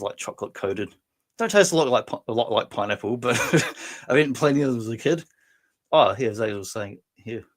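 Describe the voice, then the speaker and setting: A man from New Zealand hosting a casual livestream chat, rambling, chatty, laughing often and swearing freely. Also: fairly low pitch. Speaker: livestream host.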